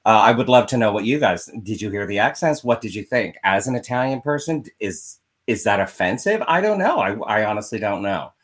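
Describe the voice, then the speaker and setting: A man from Philadelphia co-hosting a podcast in casual, animated chat with many fillers and asides, also reading an ad. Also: on the low side, fairly quick, few pauses. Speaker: podcast co-host. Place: vacation spot.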